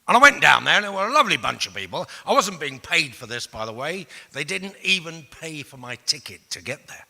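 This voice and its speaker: A man, telling blunt, profane stories to an audience, jumping from loud outbursts to hushed asides. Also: fairly high pitch, sing-song, fairly quick, creaky. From England. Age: 60s. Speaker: speaker. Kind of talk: storytelling talk to an audience. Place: large hall with an audience. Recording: long reverb of a large hall.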